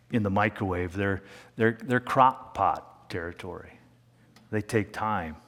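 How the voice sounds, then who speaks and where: Male pastor, sermon, conversational delivery, slows and hushes for emphasis, middle-pitched voice, long church reverb. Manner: conversational preaching, slows down and drops to a hush for emphasis. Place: church sanctuary.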